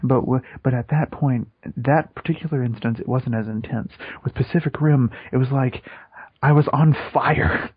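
A young man with a husky voice trading dry, deadpan jokes on a podcast. The sound is muffled and lo-fi. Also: medium pitch, moderate pace, no room sound. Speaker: podcast co-host. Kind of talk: casual podcast chat. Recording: dull lo-fi podcast recording.

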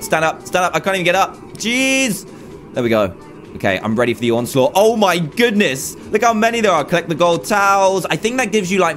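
A young man commentating a game, chatty and jokey, often shouting in mock panic. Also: on the high side. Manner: animated, yelps and squeals in panic, chatty asides. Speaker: gaming YouTuber. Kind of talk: excited gameplay commentary.

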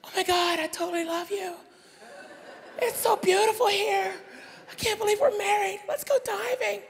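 A man voicing a giddy young newlywed woman on her honeymoon, gushing and squealing in a high voice. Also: normal speed, creaky. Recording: live stage recording with crowd noise.

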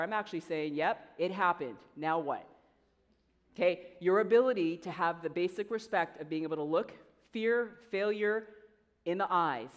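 A woman coach giving an energetic motivational speech to students, talking conversationally and quizzing the audience. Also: on the low side. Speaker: coach and guest speaker. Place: large event hall with an audience. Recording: long hall reverb.

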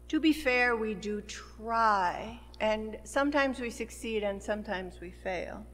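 A woman pastor delivering a sermon in a church, preaching in a slow, measured way and building emphasis on key words. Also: fairly high pitch, expressive, fairly bright tone, slight background noise. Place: church sanctuary. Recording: long church hall reverb.

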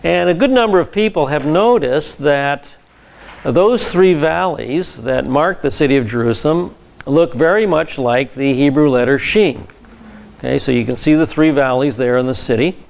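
A man's voice: on the high side, moderate pace, gravelly, darkish tone. A man, a pastor, teaching a Bible class in a conversational lecture style, with frequent fillers and repeated words.

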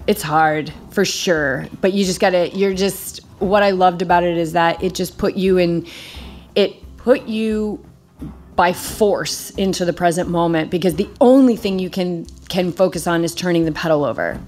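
A middle-aged woman hosting a podcast, telling a story in a casual, animated way with many fillers and high-pitched quoted shouts. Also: normal speed, faint music behind. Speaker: podcast host.

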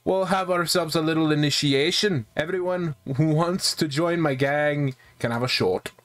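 A man voicing a cocky gang leader, putting on a clumsy, gruff Shrek-like accent while reading game dialogue aloud. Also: on the high side, normal speed, pitched above the performer's own voice, lightly acted. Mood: taunting.

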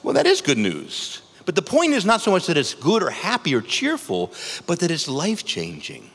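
A man, a priest, giving a conference talk in an animated, conversational way, full of rhetorical questions. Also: fairly high pitch, moderate pace. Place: large conference hall. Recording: echoey conference hall.

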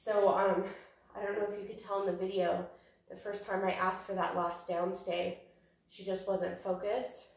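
A woman's voice: mid-range voice, flat delivery, normal speed, gravelly, far from the mic. A breathless young woman explains dog training in a chatty, rambling way. She sounds like she's standing back from the mic in a very echoey room. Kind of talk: casual training lesson.

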